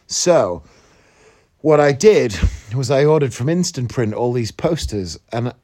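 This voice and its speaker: The man's mid-range voice is animated, a little slow and dark in tone, with a slight northeast English accent. Hosting a casual morning podcast from bed, he sounds groggy and just awake, rambling chattily and poking fun at himself.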